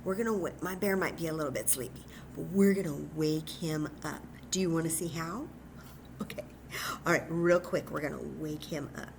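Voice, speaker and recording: A woman leading a children's story time at home, speaking slowly in a sing-song way and talking directly to the kids. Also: low-pitched, a little mellow, a little hiss or hum. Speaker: children's librarian. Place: home room with a cat nearby.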